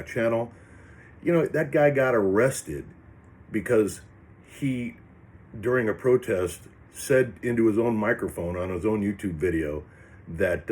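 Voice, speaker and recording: A man's voice: on the low side, darkish tone, slight background noise. A man delivering a rambling, profanity-laced political rant on his vlog. He sounds angry throughout, restarts his sentences often and keeps piling on insults. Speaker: vlogger. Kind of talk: ranting political commentary.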